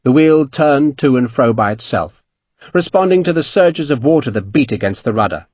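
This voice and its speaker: Expressive male audiobook narrator. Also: mid-range voice, moderate pace, no echo, lo-fi sound. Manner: expressive storytelling. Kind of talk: scripted narration.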